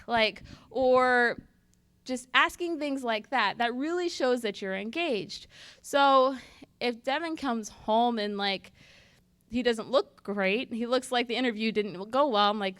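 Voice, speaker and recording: A fairly high-voiced woman giving a teaching talk at church. She speaks in an easy, conversational way and slips into short acted-out exchanges to make her points. The sound is dry and close. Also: normal speed, fairly bright tone, no echo. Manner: conversational, acts out little dialogues.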